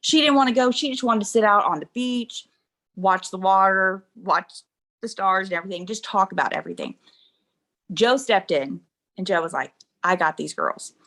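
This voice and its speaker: A middle-aged woman shares a personal story as an interview guest. She talks in a chatty, lively way at an ordinary pitch for a woman. She laughs often and slips into the voices of the people she quotes. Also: moderate pace.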